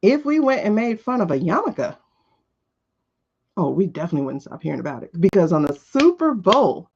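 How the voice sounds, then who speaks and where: A woman with a medium, sing-song voice that's a little mellow and breathy talks briskly while hosting a tarot livestream. Casual and blunt, she keeps hurling rhetorical questions with swearing mixed in. The sound quality is dull and lo-fi.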